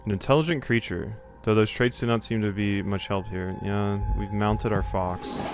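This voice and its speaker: A man's voice: on the low side, fairly even intonation, normal speed, faint music behind. Rambling, swearing young male streamer. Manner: rambling, jokey, swears, reads game text aloud. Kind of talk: casual live-stream chat while gaming.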